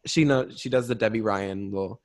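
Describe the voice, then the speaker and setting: A man's voice: lowish voice, fairly quick, dry recording, studio quality. Playful crude young man recapping a movie. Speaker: podcast co-host. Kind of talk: casual chat, movie recap.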